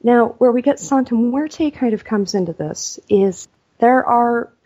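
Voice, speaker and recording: Animated woman telling a story. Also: on the high side, unhurried, highs cut off. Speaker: author and guest. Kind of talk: storytelling in a podcast interview.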